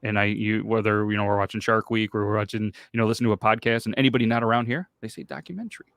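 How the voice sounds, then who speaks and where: A man's voice: on the low side, fairly even intonation, rapid-fire, creaky, a bit bright, smooth, no echo, studio quality. A man hosting a podcast, rambling casually and swearing in loose banter. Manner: rambling, swearing, self-conscious. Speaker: podcast host.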